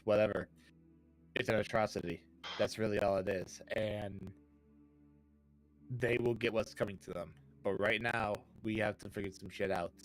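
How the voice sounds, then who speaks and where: A man's voice: on the low side, poor audio. A man playing his character in a tabletop game, talking earnestly and steadily with many restarts. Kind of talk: in-character role-play.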